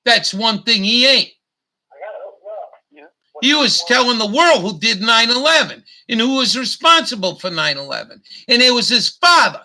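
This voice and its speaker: A man with a high, gravelly voice and a piercing, sharp edge rants angrily to his online audience, heavy on profanity. He stumbles and restarts his sentences as he goes. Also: sing-song. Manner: angry, profane, halting with restarts. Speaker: YouTube host. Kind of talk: profane ranting monologue.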